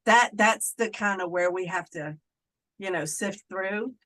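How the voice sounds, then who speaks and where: A woman's voice: mid-range voice, unhurried, a bit bright, low-quality recording. A middle-aged woman, a Wiccan clergy member, talking casually in an interview and slipping into playful voices when she quotes people.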